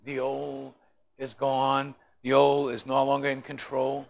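A man's voice: medium pitch, completely flat delivery, a little slow, gravelly. A man teaching a Bible study in a joking, storytelling way, often asking the group questions.

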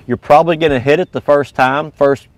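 A man's voice: on the high side, steady tone, a little fast, no room sound. A man teaching goose calling in a casual, step-by-step coaching manner. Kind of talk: instructional video lesson.

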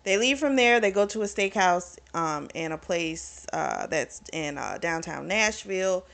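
A woman's voice: fairly low pitch, very animated, a little slow, vocal fry, fairly bright tone. A woman casually recapping a novel's plot for her book channel, talking loosely with plenty of fillers. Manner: chatty, retells scenes with lots of fillers. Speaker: book reviewer.

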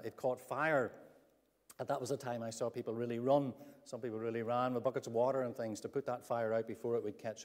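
A man's voice: mid-range voice, darkish tone. Guy preaching in a church, tells the story earnestly, big echoey hall. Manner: earnest storytelling, acts out quoted speech. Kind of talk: sermon. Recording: long church hall reverb.

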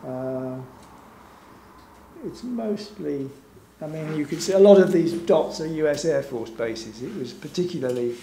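A man with a somewhat high voice gives an informal talk over slides at a gallery event, hesitating often and chuckling wryly at his own stories. The room is echoey, with a faint hum underneath. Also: expressive, measured pace, warm tone. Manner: hesitant, many fillers, wry and chuckling. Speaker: invited speaker.

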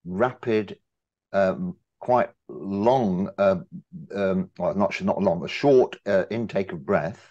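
A very deep-voiced older man makes his point from the audience, animated and emphatic as he builds up to a long question. The audio is dull and muffled, with a lo-fi feel. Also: slow pace. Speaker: audience member asking a question. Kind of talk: discussion after a talk.

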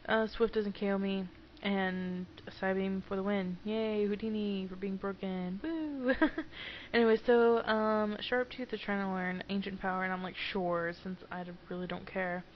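A woman's voice: mid-range voice, little pitch movement, moderate pace. A young woman giving rambling, giggly let's play commentary at home on a dull, lo-fi mic. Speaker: gamer. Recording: dull lo-fi mic with faint noise.

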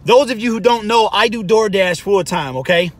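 Guy on his vlog, way too hyped, high pitch, keeps saying the same thing over and over. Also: moderate pace. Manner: breathless, gushing, repeats exclamations. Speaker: sports channel host and delivery driver. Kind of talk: excited vlog monologue.

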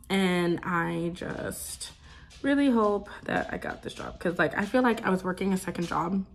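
Young woman vlogger, casual rambling chat, gravelly low edges, faint background hiss. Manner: rambling, filler-heavy, soft coos to her pet.

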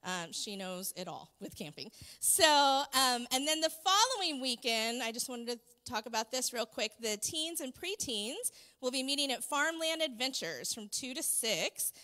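Bubbly church staffer, bright clear tone, reading announcements in a reverberant sanctuary. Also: female voice, high-pitched, animated, normal speed, few pauses. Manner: warm and bubbly, laughs often. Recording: long reverb of a church hall.

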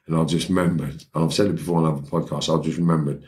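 Deep-voiced London man, blunt storyteller. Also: steady tone, racing, a little mellow. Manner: blunt, streetwise, rambling with restarts and "right?" asides. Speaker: podcast guest. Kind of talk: casual storytelling in a podcast interview.

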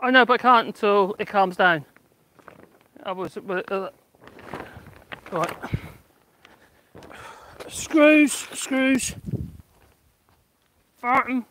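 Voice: mid-range voice, extremely slow, pauses often, sharp tone. A vlogger chatting casually while building a greenhouse in a windy garden, muttering to themself, swearing and laughing. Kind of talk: casual DIY chat.

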